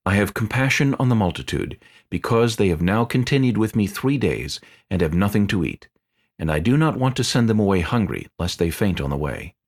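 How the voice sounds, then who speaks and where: A calm, authoritative teacher , voiced by a man reading aloud speaks in a low voice with measured, earnest phrasing. The pitch moves in a lively way, and the manner stays grave and composed throughout this dramatized scripture reading.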